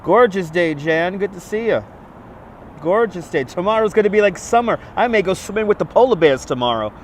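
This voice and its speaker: Man, livestream host, outdoors, phone on gimbal, slightly higher voice, stuffy nose, upbeat, faint street noise. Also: lively intonation, fairly quick. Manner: chatty, upbeat, reads out viewer names. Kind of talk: live walking stream, greeting chat.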